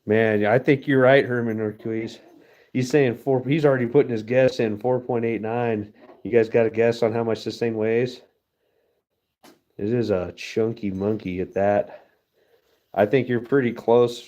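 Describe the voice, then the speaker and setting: A man's voice: lowish voice, mellow, dull audio. A man casually chatting with his live-stream viewers while he works, laid-back and chatty. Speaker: livestream host pouring metal.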